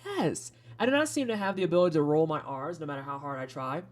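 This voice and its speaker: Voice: medium pitch, expressive, fast. A streamer with a Midwestern American accent, chatting casually and frankly while playing game demos, rambling into asides and swearing freely. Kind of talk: casual live-stream commentary.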